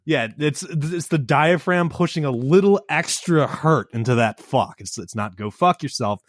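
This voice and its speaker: Man, Midwestern American accent, comedy podcast co-host, animated banter, dry close sound. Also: on the high side, normal speed, no echo. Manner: animated, acts out phrases.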